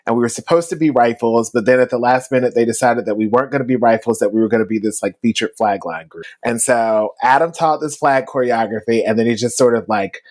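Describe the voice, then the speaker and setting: A man co-hosting a podcast and recounting a story in a relaxed, chatty way. His voice sits at a middle pitch, with a laugh never far off. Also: fast, few pauses. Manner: chatty, laughs while telling stories. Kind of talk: casual storytelling.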